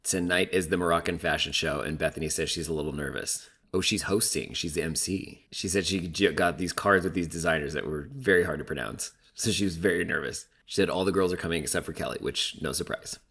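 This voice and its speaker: Man, very low register, casual gossipy recap host, filler-heavy. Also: brisk, gravelly, hardly any pauses, fairly bright tone, breathy edge. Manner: chatty, gossipy, heavy use of "like". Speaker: reality TV recap commentator.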